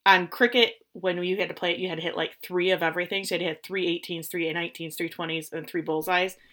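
A woman chatting casually as she recaps a story, slipping into the characters' lines as she goes. Her voice sits a little low, and she keeps the telling animated. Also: quick pace. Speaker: podcast co-host recapping an episode. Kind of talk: casual chat.

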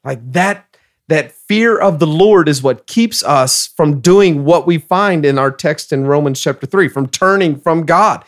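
Emphatic pastor, a man with a slightly higher voice. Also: a little slow. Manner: emphatic, reads scripture passages aloud. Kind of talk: casual podcast discussion.

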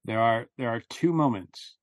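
A man co-hosting a casual fan podcast, his voice sitting at an ordinary middle pitch. He gushes with enthusiasm and restarts his sentences as he goes. The recording is dry and close. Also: expressive, moderate pace, no room sound. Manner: enthusiastic, gushing, restarts often. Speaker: podcast co-host.

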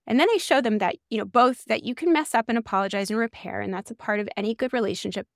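A woman in her forties, a guest author explaining ideas in an animated podcast chat. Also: fairly high pitch, fast, creaky, few pauses, no echo, studio quality. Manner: animated, uses many "like" fillers. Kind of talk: explanatory interview talk.

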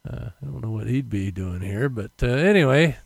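A man's voice: mid-range voice, animated, normal speed, vocal fry, no room sound, clean studio sound. A man hosting his own podcast, talking casually and meandering with many fillers into a condenser mic. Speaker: podcast host. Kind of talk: casual rambling monologue. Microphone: condenser mic with headphones.

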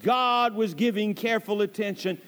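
Preacher guy, really high voice, big echoey church hall, emphatic. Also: a bit bright. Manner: emphatic preaching, slows and rises on scripture quotes. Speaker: pastor. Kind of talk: sermon. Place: church sanctuary.

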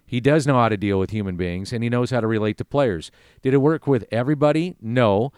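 A man's voice: medium pitch, brisk, a little mellow, smooth, no room sound, clean studio sound. A man who works as a sports broadcaster, speaking earnestly in a casual podcast conversation and listing details one by one.

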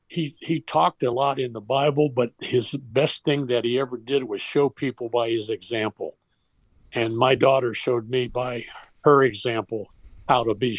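A man's voice: medium pitch, no room sound. Older guy, ex coach, telling a heartfelt story, rambles and restarts, dry close sound. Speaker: guest, former baseball coach. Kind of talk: personal storytelling.

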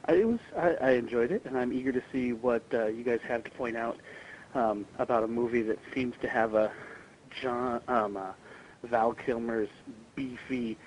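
A man's voice: medium pitch, darkish tone, slight background noise, poor audio. A man calling in to a podcast with a recorded voice message, rambling and full of ums and restarts.

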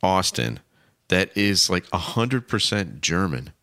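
Middle-aged male co-host, low-pitched with a bright edge, wry deadpan humor, casual chat. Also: takes it slowly, no echo. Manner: dry, wry jokes. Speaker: podcast co-host.

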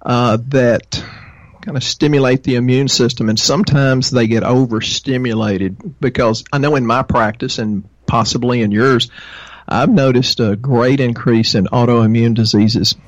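A man's voice: mid-range voice, fairly even intonation, a little slow. A Texan man talks as a podcast guest, explaining health topics in a rambling, folksy way full of fillers. His recording sounds dull and lo-fi, but dry, with no room echo. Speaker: guest, natural health practitioner. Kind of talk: casual interview.

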